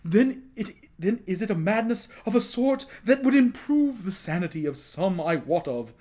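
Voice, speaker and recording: A wry male courtier voiced by a man murmuring a sly aside. The voice is low-key and unhurried. A storybook reading. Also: sing-song, warm tone.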